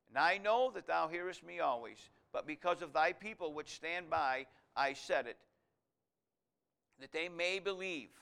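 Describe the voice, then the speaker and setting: A man preaching a sermon, reading scripture aloud and explaining it verse by verse, rising to loud emphatic passages. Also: fairly high pitch. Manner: expository Bible teaching, reads scripture aloud, swells loud on key lines.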